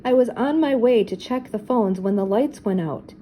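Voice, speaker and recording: A woman voicing a flustered male butler who explains himself slowly and apologetically. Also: fairly high pitch, warm tone, slight background noise, pitched above the performer's own voice, close to an everyday voice.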